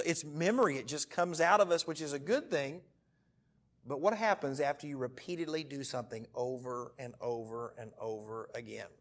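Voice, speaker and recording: A man in his thirties preaching a sermon to a church group, telling jokey stories and breaking into sudden loud bursts. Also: medium pitch. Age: 30s. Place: church meeting room.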